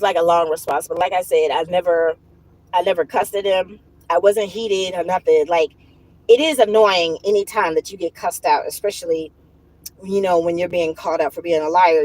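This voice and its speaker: A woman's voice: lowish voice, no room sound, low-quality recording. Woman livestream host, casual storytelling, cusses freely, laughs through it, dry close sound. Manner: profane, laughing, animated retelling.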